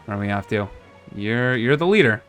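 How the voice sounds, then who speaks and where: A man's voice: on the low side, animated, a little fast, a bit bright, soft background music. A man streaming a game as a VTuber, chatting casually with a hesitant, musing delivery full of restarts. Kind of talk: casual let's-play commentary.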